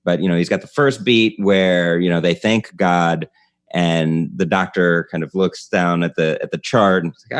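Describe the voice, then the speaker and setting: Very deep-voiced man, chatty podcast host. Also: normal speed, clear, resonant tone, no room sound. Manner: rambling, restarts often, laughs between lines. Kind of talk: casual chat about comedy.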